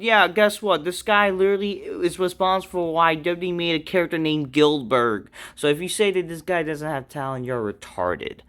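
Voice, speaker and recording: A man's voice: moderate pace, hardly any pauses, a bit bright, clean tone. A man reviewing a wrestling show in a casual rant, blunt and profane, with fillers and restarts. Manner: mocking high-pitched impressions of others.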